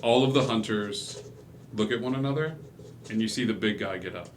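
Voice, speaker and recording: This game master's voice sits fairly low and moves fairly quickly, with a little hiss or hum in the recording. His casual, filler-heavy tabletop narration gradually climbs into loud excitement.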